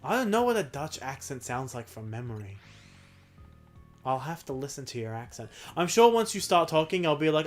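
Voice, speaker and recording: An Australian streamer, a young man, chats casually on a livestream while gaming, rambling, poking fun at himself and laughing often. His voice is a little high with big pitch swings, at a moderate pace, and soft music plays in the background.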